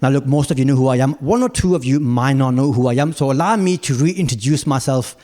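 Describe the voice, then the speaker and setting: A male stand-up comedian telling stories on a large theatre stage, punchy asides building to shouted rants. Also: medium pitch, fast talker.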